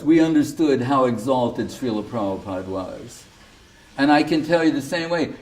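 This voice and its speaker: A male spiritual teacher, seated, giving a devotional sermon with provocative, animated storytelling and frequent laughter. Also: mid-range voice, recorded from a distance. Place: indoor temple hall, seated.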